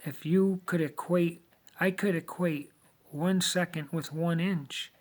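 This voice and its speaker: A man delivering a lecturing monologue, emphatic and deliberate, with many rhetorical questions. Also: sits high. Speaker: video monologue host.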